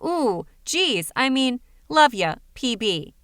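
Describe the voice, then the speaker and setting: A lovestruck foreign man pours out a clumsy, overly intimate letter, read by a woman narrator. The voice is bright and crisp. It sits fairly high for the role. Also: big pitch swings, slow pace, no room sound, studio quality, heavily acted. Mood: amorous.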